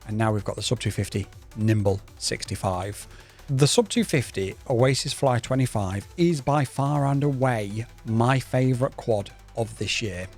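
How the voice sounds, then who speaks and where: A man's voice: medium pitch, a little mellow. Rambling, enthusiastic man. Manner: rambling and enthusiastic, with restarts and stutters. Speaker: drone reviewer. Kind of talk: casual video review.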